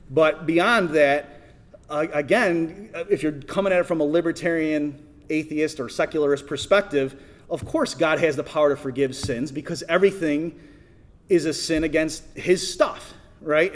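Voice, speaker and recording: Man, middle-aged, conference talk, slightly high pitch, casual, many restarts. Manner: conversational, asks the audience, many restarts and "right?". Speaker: conference speaker. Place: conference hall.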